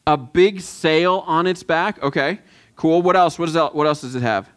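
A pastor giving a sermon in a conversational way, with many halting restarts and questions to the room. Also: male voice, a little high.

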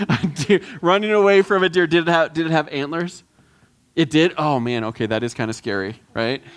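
A man giving a lively children's sermon, coaxing the kids to answer and join in. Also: a little high, normal speed, smooth. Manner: lively, coaxing, quotes film lines with voices. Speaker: children's pastor.

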